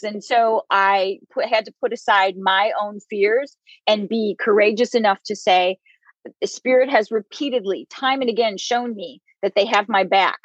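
A woman's voice: mid-range voice, dry recording. Candid woman in her fifties, dull recording. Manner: candid, laughs often while telling stories. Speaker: guest psychic medium. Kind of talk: interview storytelling.

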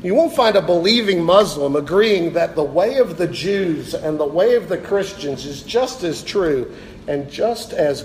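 Earnest male preacher, high voice, emphatic repetition, long hall reverb. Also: darkish tone, a little hiss or hum. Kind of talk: sermon. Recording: reverberant hall, faint ambience.

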